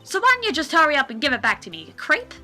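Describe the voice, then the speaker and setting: A woman voicing a loud, excitable young female photographer in a game, with a folksy country drawl. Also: sits high, a little fast, faint music behind, pitched above the performer's own voice, heavily acted. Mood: shouting.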